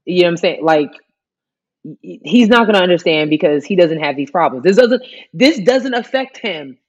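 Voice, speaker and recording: A woman in casual chat, talking in an animated, rambling way with many fillers. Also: lowish voice, moderate pace, breathy edge, lo-fi sound.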